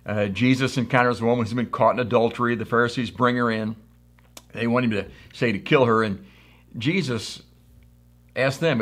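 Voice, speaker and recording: A man's voice: mid-range voice, moderate pace, a bit bright. Man preaching a conversational sermon. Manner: conversational storytelling with acted quotes. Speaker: pastor.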